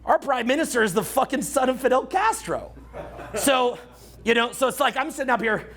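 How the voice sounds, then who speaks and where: Brash Canadian coach in his forties, raspy throat, pitch swinging wide, cursing through a live talk. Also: moderate pace. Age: 40s. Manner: brash, profane, animated lecturing with mocking put-on voices. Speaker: dating and social skills coach. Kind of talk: live seminar talk to a crowd.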